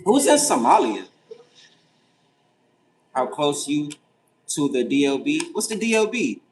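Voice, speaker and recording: Animated young man livestreaming late night. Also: fairly high pitch, a little slow, rough recording. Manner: animated, incredulous, swears freely. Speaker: livestream host. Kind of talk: casual late-night livestream, reading and answering chat.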